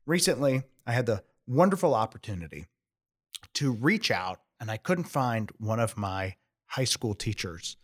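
Animated middle-aged male podcast host. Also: medium pitch, measured pace. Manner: earnest, emphatic, building up encouraging scenarios. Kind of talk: motivational podcast monologue.

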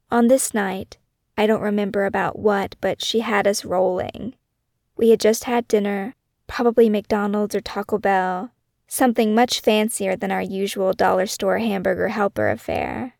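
A woman narrating her own memoir in a measured, reflective scripted reading for a podcast she wrote. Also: medium pitch, creaky, darkish tone, no room sound, clean studio sound.

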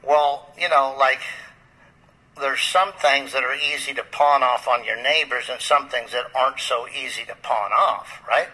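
Man, pastor, husky, very bright tone, rambling with fillers, radio-style recording. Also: mid-range voice, unhurried, rough recording. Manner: rambling, with many fillers and restarts. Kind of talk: storytelling in a podcast interview.

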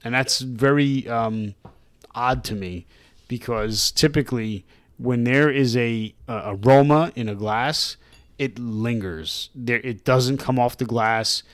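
A man's voice: medium pitch, takes it slowly, dry recording. Man, podcast co-host, casual chat, reads notes in a list-like way, dry close-miked sound.

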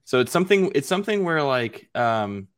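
A man's voice: medium pitch, big pitch swings, normal speed, a bit bright, clean tone, no room sound, studio quality. A man, a father, chatting casually on a podcast, rambling with repeated words and self-mocking humor. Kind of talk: casual chat.

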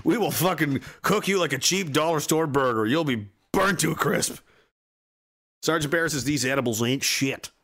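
A young man casually chatting on a livestream and reading out chat messages, crude and profane, switching into mock rants and high-pitched yells. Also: moderate pace.

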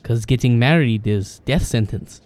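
A man's voice: mid-range voice, moderate pace, close to an everyday voice. A man voicing a blunt, jovial man who speaks clipped, broken English. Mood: teasing.

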